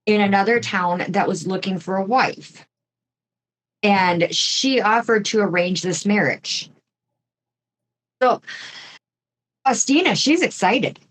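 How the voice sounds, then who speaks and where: A woman's voice: mid-range voice, slow pace, pauses often. A woman co-hosting a podcast, telling a true-crime story casually with chatty asides and mild swearing. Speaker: podcast co-host.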